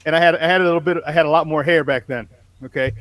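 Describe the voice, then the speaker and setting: A man in his forties with a fairly high voice, co-hosting a sports podcast in a loose, chatty way. He tells lively stories, mimics the people in them and swears without restraint. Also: very fast. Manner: animated storyteller, acts out quotes, swears freely. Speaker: podcast co-host, former player and coach. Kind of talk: casual sports chat.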